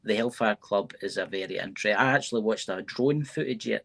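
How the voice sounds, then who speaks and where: A male interview host with a gravelly, fry-laden voice that also sounds husky. He talks eagerly and says the same thing twice to drive his point home. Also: fairly low pitch, quick pace, a bit bright. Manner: eager, repeats himself for emphasis. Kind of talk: casual interview chat.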